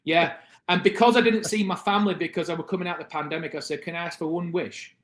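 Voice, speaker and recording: A man in his thirties with a British accent, a podcast guest telling his story in a lively, casual way and acting out the other people's lines. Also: fairly high pitch, fast talker. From Britain. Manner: animated, acts out the voices of people in his stories. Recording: echoey room.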